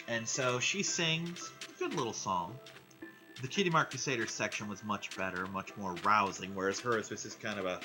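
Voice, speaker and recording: A man vlogger with a fairly low-pitched voice at normal speed gives a casual, rambling, enthusiastic recap of a cartoon episode, peppered with swearing. The recording is low quality, with music playing in the background.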